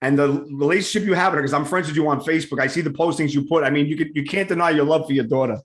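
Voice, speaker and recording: A man's voice: fairly high pitch, racing. A man from Queens, hosting an interview in a restless, enthusiastic way. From Queens, New York. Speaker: host. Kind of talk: casual interview conversation.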